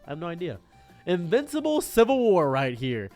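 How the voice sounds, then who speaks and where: Excitable guy rambling about a show, highish voice, faint music behind. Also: normal speed. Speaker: streamer reacting to a show. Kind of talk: casual commentary.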